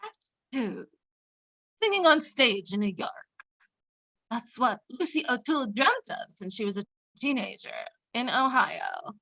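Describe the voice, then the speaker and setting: An actress playing a vain, self-absorbed radio show host in a comedic parody monologue, boastful and melodramatic, on a dull lo-fi home recording. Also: female voice, fairly high pitch, lively intonation, measured pace, pauses often, bright, forceful tone, no echo, heavily acted. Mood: self-important. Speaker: comic actor.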